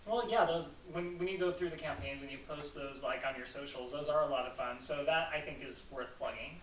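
A man's voice: a little high, a little fast, fairly bright tone, reverberant, distant mic, slight background noise, rough recording. A man hosting a podcast in casual chat, rambling with lots of "like" fillers. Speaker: podcast host.

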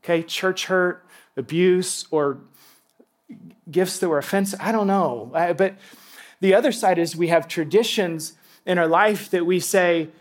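A pastor preaching to a congregation in church, telling stories with lively asides and laughter and speaking straight to the people in front of him. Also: male voice, sits high, measured pace. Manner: animated storytelling with asides and laughter. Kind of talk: sermon.

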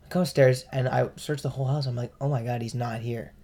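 A man's voice: mid-range voice, steady tone, quick pace, warm tone. A young man co-hosting a casual podcast, telling rambling stories with lots of fillers. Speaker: podcast co-host. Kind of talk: casual chat.

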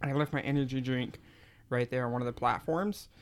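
A man's voice: medium pitch, fairly even intonation, a little fast. A man in his twenties co-hosting a podcast, telling a rambling story with frequent laughs. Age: 20s. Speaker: podcast co-host. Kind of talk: casual chat.

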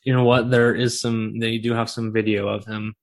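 A man's voice: lowish voice, little pitch movement, normal speed. A man co-hosting a casual podcast, explaining things in an easygoing way with lots of "like"s. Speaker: podcast co-host. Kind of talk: casual chat.

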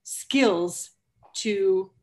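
A woman's voice: medium pitch, very slow. A woman in her thirties hosting a casual podcast conversation, talking emphatically and firing off rhetorical questions. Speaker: podcast host.

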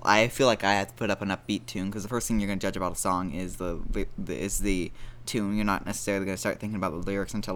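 On his casual solo podcast, a man with a lowish, fairly bright voice rambles and jokes at his own expense. The podcast host's manner is jokey and self-deprecating throughout.

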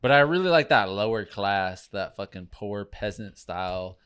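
A man's voice: on the low side, lively intonation, normal speed, fairly bright tone, clear, resonant tone. A man co-hosting a comedy podcast over a video call, rambling loosely and swearing freely. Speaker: podcast co-host. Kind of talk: casual comedic chat.

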